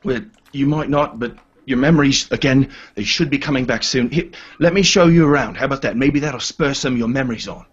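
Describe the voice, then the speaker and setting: A man voicing an excitable, chatty red-haired steward on a ship, talking quickly and jumping between thoughts, with a husky voice. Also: mid-range voice, pitched above the performer's own voice, natural voice. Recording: dull lo-fi home recording.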